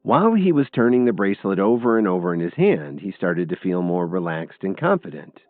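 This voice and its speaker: A man with a very low voice narrates a scripted story with a lively, expressive lilt. The audio is thin and phone-like, bone-dry, with faint music playing underneath. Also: a little fast, no room sound.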